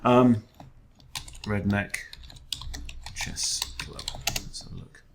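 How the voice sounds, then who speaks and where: A man with a fairly low, gravelly voice talks through a chess game as he plays it. He is wry and self-deprecating and often mutters his thoughts half to himself. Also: extremely slow, noisy background. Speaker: chess coach. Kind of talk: thinking aloud during an online chess game.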